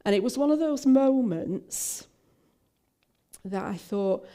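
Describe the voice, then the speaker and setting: A woman's voice: a little high, animated, slow pace, pauses often, mellow. An older woman minister, telling a personal story in a talk, with frequent fillers and restarts.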